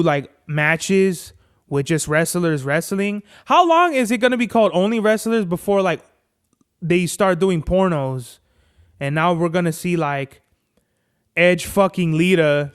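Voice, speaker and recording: A man's voice: on the high side, moderate pace, clean tone. A man hosting a podcast, chatting casually and swearing often, telling stories animatedly and acting out the lines of the people in them. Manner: profane, animated storytelling with acted-out quotes. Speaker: podcast host. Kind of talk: casual chat.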